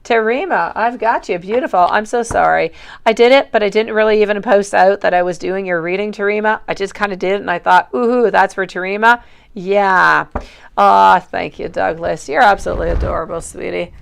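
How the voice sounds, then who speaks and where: A woman's voice: medium pitch, a little fast, gravelly. A woman giving a chatty, affectionate livestream tarot reading and calling viewers sweetie. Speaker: tarot reader.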